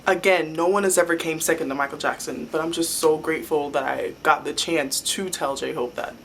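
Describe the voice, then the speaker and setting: Young adult woman, chatty fan vlogger, excitable and rambling, a little noise behind her. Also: deep voice, brisk, creaky. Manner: rambling and excitable, many "like" fillers. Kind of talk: casual fan storytelling.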